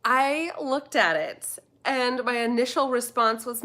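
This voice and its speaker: A woman's voice: on the high side, slow pace, a bit bright. An American woman in her thirties, chatting casually on a live stream and reading out viewer comments as she rambles. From United States. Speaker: food vlogger answering live chat.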